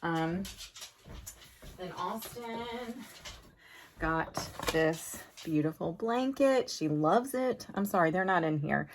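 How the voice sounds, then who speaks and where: Woman, middle-aged, lowish pitch, chatty, heartfelt, casual farm vlog talk. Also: animated, slow pace, background noise. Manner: chatty and heartfelt, drifts into emotion. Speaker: farm family vlogger. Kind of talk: casual vlog chat to viewers.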